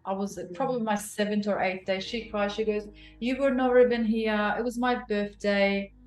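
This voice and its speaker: A woman in her forties tells her personal story as an interview guest, emotional and animated, with many restarts. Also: medium pitch, moderate pace. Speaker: guest, clinic founder. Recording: roomy echo, faint music.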